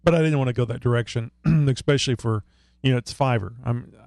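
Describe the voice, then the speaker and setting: Male podcast co-host, gravelly, rambling and joking, dry close mic. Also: mid-range voice, a little fast, darkish tone, no room sound. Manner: joking, rambling, fiddles with his setup while talking. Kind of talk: casual chat.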